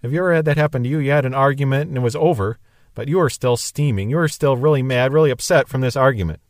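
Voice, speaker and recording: A man's voice: medium pitch, quick pace, no room sound, studio quality. A man teaching verse by verse from the Bible, explaining in a musing, conversational way.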